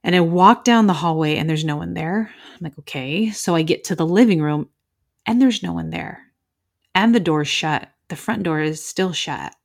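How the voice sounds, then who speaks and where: Storytelling woman podcast host, low voice. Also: moderate pace, vocal fry. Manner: animated, swears freely, acts out quoted voices. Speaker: crime scene investigator. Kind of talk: casual storytelling.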